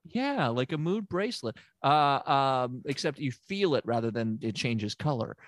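A man's voice: mid-range voice, lively intonation, unhurried, dry recording. A man from Tennessee playing a hapless therapist in an improvised comedy sketch, rambling and hesitant, full of filler words. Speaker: comic playing a fake therapist.

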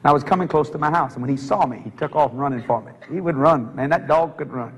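A man preaching a humorous story, animated and laughing through his lines as he acts out sounds. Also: on the high side, fast talker, breathy edge, long reverb tail.

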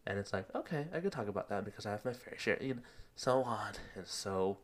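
Slangy young man, low voice, podcasting. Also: lively intonation, brisk. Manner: slangy, rambling, laughs at himself. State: out of breath. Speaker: podcast host. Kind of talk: casual solo podcast monologue.

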